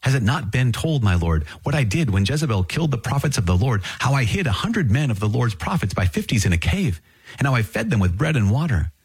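A man's voice: medium pitch, big pitch swings, brisk, slightly rough, no echo, voice pushed up, exaggerated voice. A man reading a fearful royal servant's pleading lines, his voice rising anxiously. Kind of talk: scripture reading.

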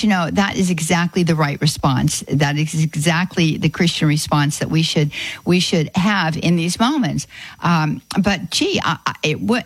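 A woman hosting a Catholic call-in radio show, folksy and quick to exclaim in sympathy. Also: on the low side, dry recording, poor audio. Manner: warm-hearted, folksy, exclaims often. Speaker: radio host. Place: radio studio.

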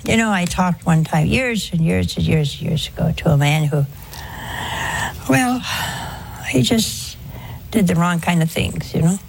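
A woman's voice: on the low side, expressive, a little slow, gravelly, pauses often, slight background noise. An older woman giving a conversational religious talk to an audience, asking rhetorical questions in a homely preaching manner. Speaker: religious speaker.

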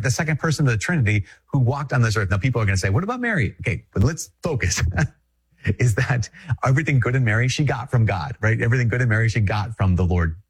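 A Catholic priest from Minnesota giving a conversational, emphatic reflection, repeating phrases and chuckling often. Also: male voice, mid-range voice, breathy edge. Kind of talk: spoken reflection to an audience.

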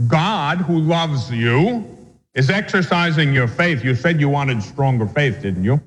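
A man's voice: mid-range voice, moderate pace, a bit bright, breathy edge. A male Catholic priest teaching a catechism class, reading definitions aloud and then explaining them with homely examples. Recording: long hall reverb.

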